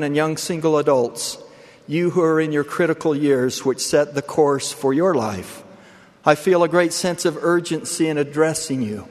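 A man giving an earnest, measured sermon as a church leader, speaking with deliberate pauses. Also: fairly high pitch. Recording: long hall reverb.

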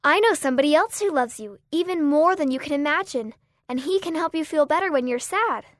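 A woman's voice: high voice, animated, a little fast, no room sound, clean studio sound. A woman voicing an eager, cheerful young girl in a children's story. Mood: reassuring.

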